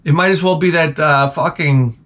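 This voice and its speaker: A man's voice: a little high, normal speed, slight background noise. A middle-aged man, hosting a rambling, profane comedic monologue. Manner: rambling, profane, animated ranting. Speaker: host.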